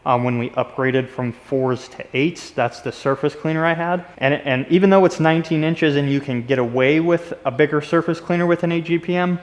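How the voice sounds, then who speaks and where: A man's voice: on the high side, brisk, hardly any pauses, big-room sound. A man who runs a pressure washing business, casually walking viewers through equipment and talking straight to them as "you guys.". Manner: enthusiastic, direct, addresses viewers as "you guys". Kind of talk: casual product walkthrough.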